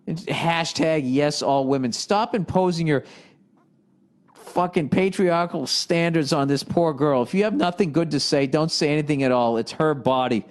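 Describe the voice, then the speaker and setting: A man delivers a comedic podcast rant in a voice that sits somewhat high for a man. He reads questions aloud, then riffs on them with plenty of swearing and a tone of exasperation. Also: moderate pace. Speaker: podcast host. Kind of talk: ranting comedic monologue.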